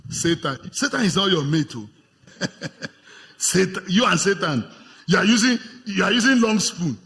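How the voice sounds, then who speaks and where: A Nigerian man preaching a lively sermon to his congregation as pastor, acting out the voices of tempters in his stories. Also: fairly high pitch, moderate pace. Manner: animated, acts out voices of tempters, laughs with congregation. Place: church hall with congregation. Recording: long hall reverb.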